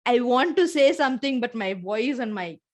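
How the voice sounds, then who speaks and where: A woman co-hosts a podcast, having a casual heart-to-heart in a fairly high, expressive voice at normal speed. She's earnest and reflective, vividly retelling her own feelings.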